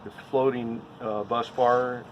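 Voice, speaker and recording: A male electrical inspector talks through a job step by step, in a mid-range voice of ordinary pitch. His manner is plain and methodical. Clear background noise runs under him throughout the recording. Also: level tone, slow, lo-fi sound. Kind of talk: casual on-site inspection talk. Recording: noisy on-site recording.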